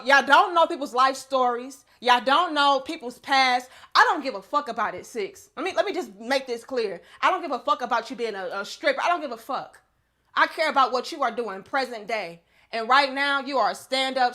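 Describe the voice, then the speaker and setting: A woman's voice: sits high, lively intonation, normal speed, sharp tone. A young adult woman co-hosting a heated casual chat, blunt and profane as she defends a friend.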